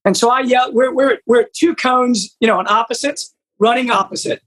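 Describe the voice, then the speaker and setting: Husky man telling an anecdote. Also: very high voice, normal speed, poor audio. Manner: animated anecdote teller. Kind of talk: casual chat.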